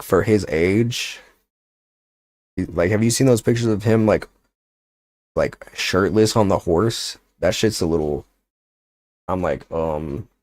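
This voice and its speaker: Deep-voiced rambling guy streaming. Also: darkish tone, no echo. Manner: rambling, filler-heavy, joking. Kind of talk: casual livestream chat.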